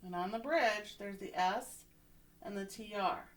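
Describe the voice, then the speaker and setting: A woman's voice: mid-range voice, a little slow. A woman teacher giving a phonics lesson to young children from home, encouraging and often checking in with "right?".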